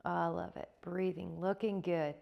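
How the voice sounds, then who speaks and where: A woman teaching a yoga class, giving calm, encouraging cues with repeated prompts to breathe. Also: on the low side, a little slow, vocal fry, lo-fi sound. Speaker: yoga instructor. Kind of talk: guided yoga class instruction.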